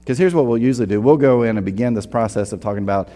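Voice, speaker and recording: A low-voiced pastor delivers a conversational sermon fast and with hardly any pauses, his dark tone trailing off into a long reverb. He's casual and earnest, acting out quotes and often starting his sentences over.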